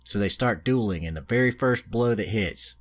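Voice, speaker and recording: Deep-voiced male podcast host, casual and profane, recapping a story offhand. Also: normal speed. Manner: loose, swearing, lots of filler. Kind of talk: casual chat, retelling an anime plot.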